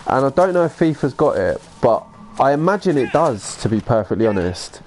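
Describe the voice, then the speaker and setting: A man's voice: mid-range voice, very animated, fairly quick, a little mellow, faint music behind. A man chatting casually through a live game stream, laughing along with chat and muttering to himself when he gets lost. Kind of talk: live gameplay commentary.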